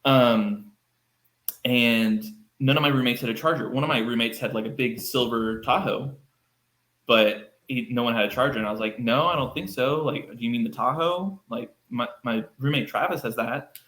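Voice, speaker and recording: Animated man telling a story in a roomy space. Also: mid-range voice, moderate pace. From Texas, United States. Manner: animated, acts out quoted lines with fillers. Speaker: podcast guest. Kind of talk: casual storytelling. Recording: roomy echo.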